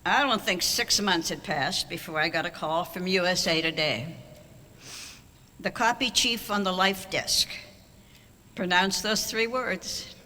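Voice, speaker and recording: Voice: medium pitch, measured pace, pushed and bright. Older speaker telling wry stories in a hall. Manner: wry, anecdotal storytelling. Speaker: award honoree giving a speech. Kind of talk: banquet speech, storytelling. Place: large auditorium hall. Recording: long hall reverb.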